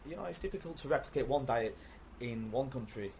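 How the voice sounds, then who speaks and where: A man's voice: medium pitch, expressive, a little fast, gravelly, darkish tone. A man with a British accent talking casually as a guest, often repeating words and laughing as he goes. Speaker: podcast guest. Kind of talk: casual conversation.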